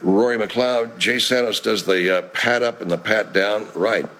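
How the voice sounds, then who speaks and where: A man's voice: on the low side, unhurried, fairly bright tone, slight background noise. A middle-aged man, a voice actor, hosting a casual live-stream chat, reading comments in a profane, rambling, laid-back way.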